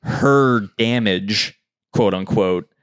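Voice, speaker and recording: A man's voice: lowish voice, drawn-out words, clear, resonant tone. A man co-hosting a podcast in casual chat, thinking aloud in a meandering way with lots of fillers. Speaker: podcast co-host.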